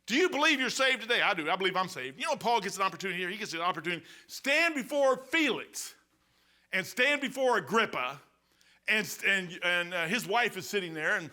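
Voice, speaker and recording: A male pastor preaching a sermon in church, telling stories in an animated, colloquial way. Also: sits high, fairly quick. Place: church, behind the pulpit.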